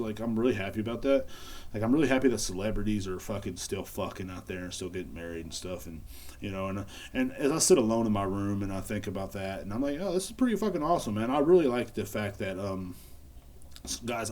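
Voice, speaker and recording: A man's voice: mid-range voice, darkish tone. Man, young adult, podcast host, casual solo rant, sarcastic, profane, rambling.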